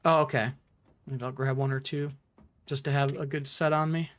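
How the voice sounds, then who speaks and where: A man's voice: medium pitch, level tone, moderate pace, fairly bright tone. Laid-back man chatting over gameplay. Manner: laid-back, joking, talks through his plans. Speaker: gaming streamer. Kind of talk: casual gameplay commentary.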